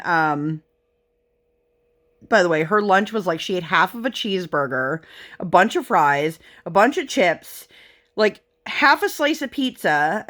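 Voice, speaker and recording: A woman's voice: lowish voice, fairly bright tone. Chatty woman telling family stories. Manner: chatty storytelling with fillers and laughs. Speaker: crafting vlogger. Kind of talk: casual chat while crafting.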